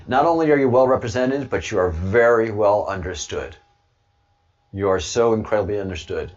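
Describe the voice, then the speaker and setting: A man's voice: fairly low pitch, moderate pace, lo-fi sound. A man hosting a casual livestream, rambling to his chat and stammering over repeated words with frequent chuckles. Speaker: livestream host reading chat.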